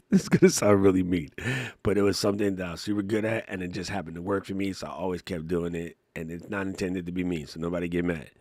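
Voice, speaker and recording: A man's voice: low voice, quick pace, no echo. A man from Hawaii co-hosting a live podcast, telling casual stories and acting out the voices of people in them. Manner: animated storytelling, acts out voices in anecdotes. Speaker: podcast co-host.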